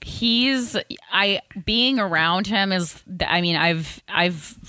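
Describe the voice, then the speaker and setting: A woman with a New York area accent, a podcast guest talking fast, blunt and bawdy in casual chat. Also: medium pitch, bright, forceful tone, smooth, no echo.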